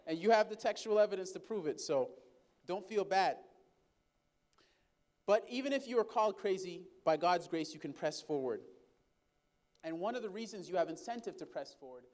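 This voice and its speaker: A man with a high voice preaching, who shifts from loud calls to soft asides as he tells his story. He speaks to the congregation as brothers and sisters and draws responses from them. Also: animated, moderate pace, pauses often. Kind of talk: sermon storytelling.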